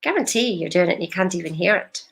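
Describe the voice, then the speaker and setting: A woman's voice: lowish voice, animated, quick pace, gravelly, fairly bright tone. Emphatic woman coaching live. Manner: direct, emphatic, rhetorical questions. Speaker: life coach. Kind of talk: live-stream coaching talk.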